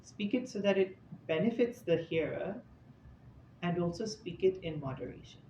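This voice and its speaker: Speaking at a normal speed, a man with a high, dark-toned voice and lively intonation lets vocal fry creep in. He tells stories conversationally during an informal scripture talk, adding casual asides for an audience in an indoor talk room, captured in an echoey, slightly dull recording with faint noise.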